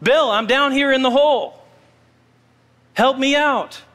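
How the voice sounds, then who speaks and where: A desperate, high-pitched man calls up from a manhole, as a preacher puts him on. His frantic pleas ring through a long church reverb. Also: measured pace, a bit bright. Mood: pleading. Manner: frantic, pleading calls for help. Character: panicked man stuck down a manhole, pleading.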